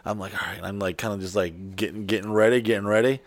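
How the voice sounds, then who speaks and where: A man's voice: lowish voice, fairly even intonation, fast, no echo. A man telling a crude story in casual chat, profane and rambling, full of fillers and restarts.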